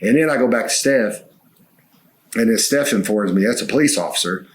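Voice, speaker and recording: A man's voice: lowish voice, animated, brisk. A man co-hosting a podcast, telling a long story in casual chat and swearing freely. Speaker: co-host.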